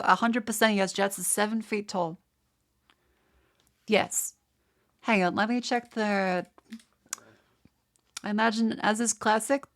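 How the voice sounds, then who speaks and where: A woman with an Australian accent, chatting casually on a livestream and swearing freely. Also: medium pitch. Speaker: streamer.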